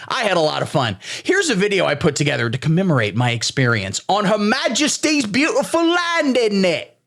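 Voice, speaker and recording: Gravelly sarcastic male comedy host. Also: on the high side, fairly quick. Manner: deadpan, sarcastic. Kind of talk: satirical comedy monologue.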